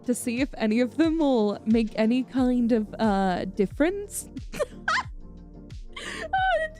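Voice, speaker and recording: This VTuber streamer, a woman, keeps up easy live-stream chatter with fans, giggling fondly and calling them darling. Her slightly high voice has a dark tone and lively intonation, unhurried, with soft music in the background.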